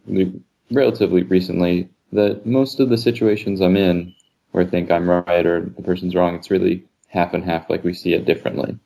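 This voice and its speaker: A man calling in to an advice show who speaks hesitantly and pauses often with "um" and "uh". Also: sits low, mellow. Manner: hesitant, halting, many ums. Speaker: caller. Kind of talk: call-in advice talk.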